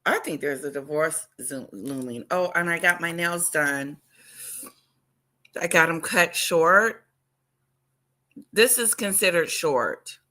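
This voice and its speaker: A woman hosting a casual livestream chat, talking loudly and excitedly and greeting viewers by name. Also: low-pitched. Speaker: livestream host.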